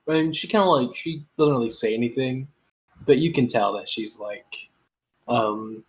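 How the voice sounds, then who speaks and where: A woman's voice: extremely low pitch, unhurried, a little hiss or hum. A woman narrating as game master in a tabletop game, rambling through scenes with many fillers.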